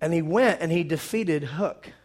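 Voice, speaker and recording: A man preaching a sermon retells a movie with great animation, acting out the scenes and erupting in sudden loud bursts. His voice is a little high, and he speaks at normal speed.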